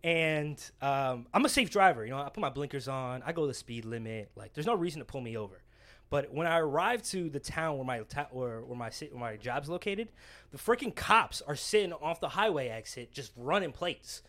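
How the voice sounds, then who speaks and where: A man's voice: medium pitch, normal speed. A young man from New Jersey, co-hosting a podcast and telling a story in casual, swear-filled chat. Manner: swears a lot, animated and excitable storyteller. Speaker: podcast co-host.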